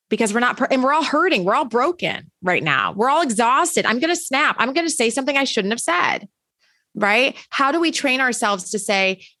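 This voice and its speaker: A woman's voice: a little high, pushed and bright, no echo. A woman who teaches college, answering in a podcast interview with earnest, emphatic storytelling.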